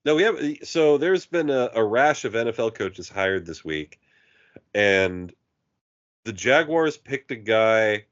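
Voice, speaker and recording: The lo-fi recording catches a man with a lowish voice speaking unhurriedly. He's a podcast co-host sharing a story in easy conversation, lively as he acts out the voices of those he quotes.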